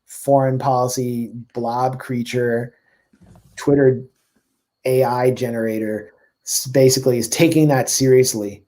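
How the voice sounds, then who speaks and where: A journalist guest talking politics in a fast, sardonic run. His voice is mid-pitched for a man, and his talk is peppered with "like" and "I mean" as he builds his points. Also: steady tone, mellow. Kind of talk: casual political chat.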